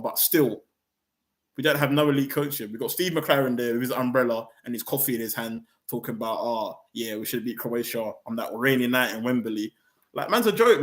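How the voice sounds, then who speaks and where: A young man hosting a football fan channel, ranting in a heated, slangy, animated way. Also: mid-range voice.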